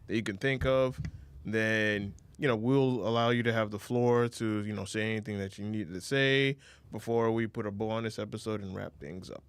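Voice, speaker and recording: A man's voice: lowish voice, steady tone, normal speed, clean tone. A man hosting a casual gaming podcast, rambling with plenty of fillers as he steers toward the wrap-up. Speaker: podcast host.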